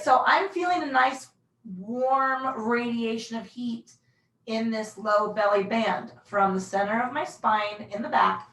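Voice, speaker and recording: A woman leading a pilates class, calmly cueing breaths and moves in a casual, self-deprecating way. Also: medium pitch. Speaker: pilates instructor. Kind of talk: guided workout instruction. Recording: echoey room, mic far off.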